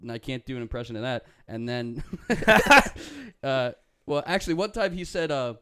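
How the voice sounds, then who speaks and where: A man's voice: mid-range voice, expressive, moderate pace. A young man hosting a podcast, telling a rambling story in casual chat and often breaking off to restart his sentences. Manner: rambling, self-interrupting storyteller. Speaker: podcast host.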